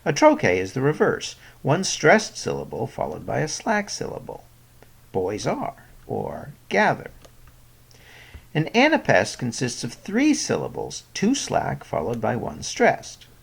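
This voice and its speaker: Gravelly, husky male narrator for a poetry lesson, lively pitch, careful and explanatory. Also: moderate pace, hardly any pauses. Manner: clear explanatory delivery, stressing example words. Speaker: poetry teacher. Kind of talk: scripted educational narration.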